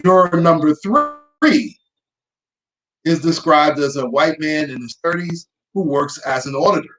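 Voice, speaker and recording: A woman's voice: deep voice, unhurried, low-quality recording. A woman hosting her own show, reading out a news report and adding dry, sarcastic asides. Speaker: host. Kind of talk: reading news aloud with commentary.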